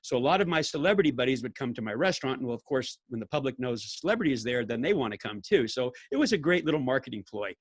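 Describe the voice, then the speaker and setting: An older man, a podcast guest telling stories in an animated way, laughing and acting out what people said. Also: medium pitch, racing, hardly any pauses, husky, no echo. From California. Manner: animated storyteller, laughs often, acts out quotes. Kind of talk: casual storytelling interview.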